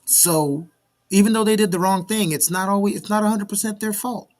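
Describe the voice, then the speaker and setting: A man in his forties, originally from Miami, hosts a casual live talk show. His voice sits a little high for a man, and he tells stories animatedly, playing out every line of the dialogue. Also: brisk. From Miami, Florida. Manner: animated storyteller, acts out the dialogue. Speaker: show host.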